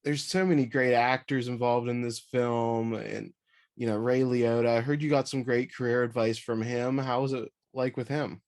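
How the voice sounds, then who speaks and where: A male interviewer who keeps the chat loose and friendly. His voice sits at an ordinary middle pitch. He leans on "like" and "you know" as he shapes his questions. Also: fairly even intonation, moderate pace, darkish tone. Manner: chatty and upbeat, with many "like" and "you know" fillers. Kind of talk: casual video interview.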